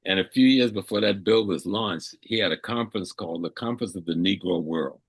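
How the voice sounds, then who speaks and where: A man's voice: sits low, a little fast, breathy edge, no room sound. An older man from South Carolina, an elder guest answering at length in an interview, emphatic and repeating phrases for weight. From South Carolina, USA.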